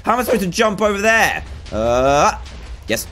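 A young man, giving excitable let's play commentary and groaning at failed jumps. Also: high-pitched, normal speed, a little hiss or hum. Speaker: gaming YouTuber.

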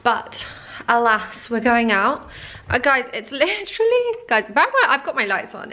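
A woman's voice: a little high, very animated, normal speed, sharp tone. Chatty young woman vlogging at home. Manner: chatty, says "like" often, gushing. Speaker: fashion vlogger. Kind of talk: casual vlog chat to camera. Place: at home indoors.

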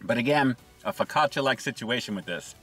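A man's voice: mid-range voice, lively intonation, fairly quick, sharp tone, soft background music, rough recording. A man hosting a casual food review, upbeat and chatty, talking to viewers between bites. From Southern California.

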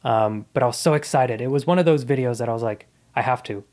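A man's voice: medium pitch, fast, a little mellow. A man in his thirties, a comedian guest on a podcast, telling his life story in a casual, earnest and reflective way.

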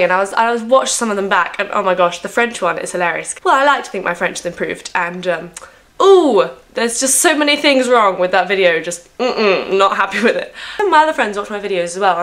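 A woman's voice: medium pitch, a bit bright. A teenage girl at home, chatting rambly and self-mocking to camera with lots of fillers and restarts. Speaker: vlogger. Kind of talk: rambling casual chat to camera.

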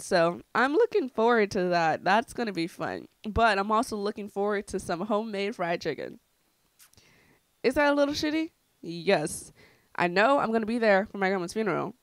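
A woman's voice: mid-range voice, no echo. Frank, profane young woman vlogging. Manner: frank, profane, heavy on filler "like". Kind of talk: casual storytelling monologue.

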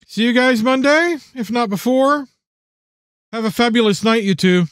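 A man's voice: very high voice, normal speed, fairly bright tone, clear, resonant tone, no room sound, clean studio sound, voice pushed up. A man voicing a friendly, chatty neighbor woman. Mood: cheerful.

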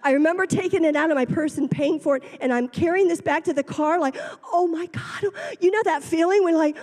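High-voiced woman preaching in a reverberant hall. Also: quick pace. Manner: animated storytelling, acts out quoted voices. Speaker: pastor's wife preaching. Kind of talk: sermon. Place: church sanctuary.

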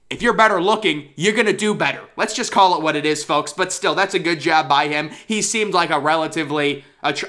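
A young man riffs through screenshots in casual commentary, cracking crude jokes as he reads. His voice sits high and sounds bright and lively.

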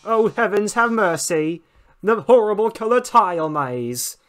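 A man voicing a flamboyant male robot TV star with a theatrical, drawn-out, mock-tragic delivery. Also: high voice, animated, fairly bright tone, voice pushed up.

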